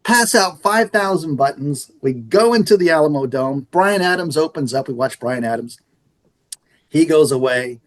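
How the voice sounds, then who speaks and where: This is a fairly high-pitched male voice at a moderate pace. He's a middle-aged radio station manager from the San Antonio area in Texas, an animated storyteller who acts out the dialogue while chatting in a casual interview.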